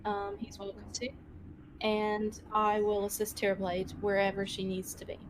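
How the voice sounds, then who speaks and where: A woman playing in a tabletop game, speaking hesitantly with many pauses and ums. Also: medium pitch, monotone, noisy background. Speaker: player. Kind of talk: casual tabletop play.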